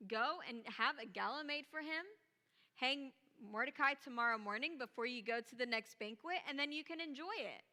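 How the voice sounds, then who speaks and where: A woman's voice: high-pitched, moderate pace, bright, forceful tone, long reverb tail. A woman playing a coldly scheming wife. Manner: offhand, casual. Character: scheming wife, cold and matter-of-fact.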